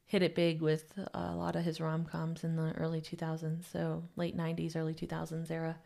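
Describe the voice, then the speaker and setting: A woman's voice: low-pitched, completely flat delivery, vocal fry, mellow. Bubbly woman podcast co-host. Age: 30s. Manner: bubbly, quick to laugh. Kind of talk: casual book chat.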